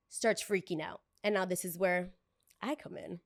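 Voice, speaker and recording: A young woman hosting a podcast, telling a work story in a chatty, animated way and acting out the people in it. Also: fairly low pitch, normal speed, creaky, dry recording, studio quality. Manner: chatty, animated, acts out every voice in the story, curses freely. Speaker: podcast host. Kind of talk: casual storytelling.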